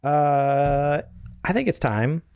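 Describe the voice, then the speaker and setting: A man co-hosting a casual gaming podcast, reading sponsor shout-outs and listener mail. He laughs easily and rambles, with fillers and self-corrections. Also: on the high side, animated, extremely slow, clean tone, no echo, studio quality.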